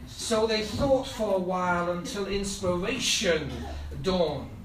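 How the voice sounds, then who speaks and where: A man with a high voice preaches at an unhurried pace, leaning into fervent, repeated appeals. He is heard from some distance through a microphone in a church hall, with the room's echo around his words and faint ambience behind. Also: lively intonation, a bit bright, a little hiss or hum. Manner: slow, building to fervent appeals. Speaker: pastor. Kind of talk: sermon.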